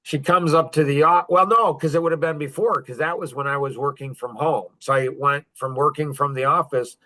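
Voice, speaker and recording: A man's voice: fairly high pitch, steady tone, a little fast, bright, forceful tone. Boastful man telling stories, laughing. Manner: boastful, joking, laughs often. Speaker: podcast guest. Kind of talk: casual storytelling.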